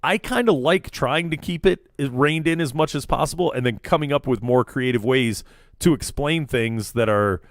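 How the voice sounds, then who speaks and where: A man hosts a casual podcast chat from a small studio in a vape shop, rambling with plenty of fillers and restarts. His voice is mid-range at normal speed, and the recording is dry with clean studio sound.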